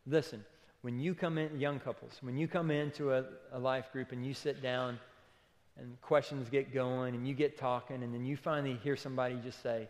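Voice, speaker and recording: A man's voice: medium pitch, fairly quick. A man preaching a sermon as pastor in a church, conversational and emphatic, often saying "okay" and "listen". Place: church auditorium. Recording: long hall reverb.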